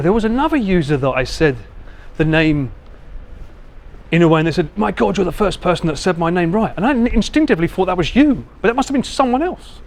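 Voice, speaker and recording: An IRL livestreamer with an Essex accent wanders city streets, chatting casually with his live viewers. His voice is high-pitched with some vocal fry, and he talks a little fast, laughing, teasing, and swearing through lively banter.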